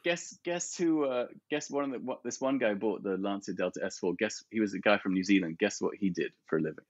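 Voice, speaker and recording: Husky guy on a dull lo-fi line, lots of laughing and restarts, totally dry sound. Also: fairly low pitch, a little fast, dry recording. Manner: animated, laughs often, trails off and restarts. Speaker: podcast guest, artist and photographer. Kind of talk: casual chat.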